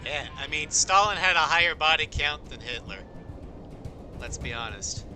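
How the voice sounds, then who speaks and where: Male streamer, high bright tone, rambling casual chat over soft game music. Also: animated, moderate pace. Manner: rambling, musing history talk with fillers. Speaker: livestreamer. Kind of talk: casual chat while gaming.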